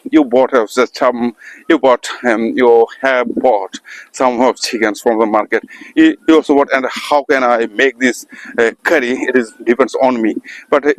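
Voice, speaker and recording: Man, Indian English accent, unscripted vlog monologue, halting with fillers, mid pitch, dry close sound. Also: no echo, low-quality recording. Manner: halting, many fillers and repeated words. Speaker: English-practice vlogger. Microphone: camera mic.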